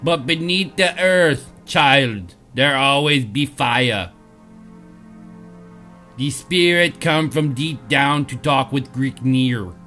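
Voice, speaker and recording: A man voicing a solemn male troll soothsayer in a put-on Jamaican-style accent, slow and booming. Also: expressive, sharp tone, soft background music. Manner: slow, booming, hammy delivery.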